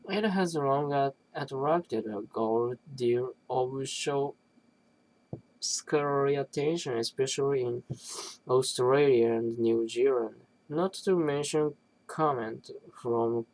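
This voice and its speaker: Academic text read aloud, very slow, halting, restarts, throat clearing. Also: mid-range voice, darkish tone, low-quality recording. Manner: halting, with restarts and self-corrections; clears throat between passages. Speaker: reader of a linguistics text.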